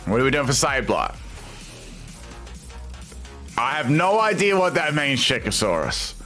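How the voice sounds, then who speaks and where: A man's voice: medium pitch, very animated, takes it slowly, pushed and bright, soft background music. A young Australian man streaming live, reading viewer chat aloud and reacting with amused disbelief.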